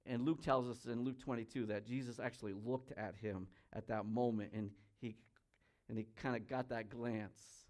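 A man preaching a sermon. He reads scripture aloud, comments on it, and swings between loud emphasis and quiet asides. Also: medium pitch, fairly even intonation, moderate pace. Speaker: pastor.

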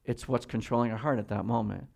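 A man preaching a sermon as pastor, reading scripture slowly and swinging between quiet, measured emphasis and loud, high-pitched exhortation. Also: steady tone, gravelly. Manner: reads scripture slowly and deliberately.

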